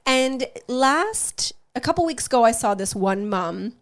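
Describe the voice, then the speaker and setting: A woman co-hosting a podcast in casual chat, telling a story in an animated way and acting out the voices of people she quotes. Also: on the high side, unhurried. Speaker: podcast co-host.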